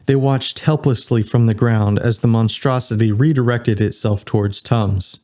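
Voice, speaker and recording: A man's voice: mid-range voice, fairly even intonation, moderate pace, few pauses, a little mellow. Man narrating a sci-fi audiobook. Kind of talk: scripted narration.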